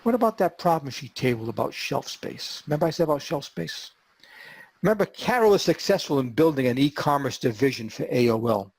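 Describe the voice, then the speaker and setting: A man hosting a podcast and telling a story in an animated way, acting out the quotes. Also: fairly high pitch, brisk, breathy edge, dry recording. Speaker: podcast host.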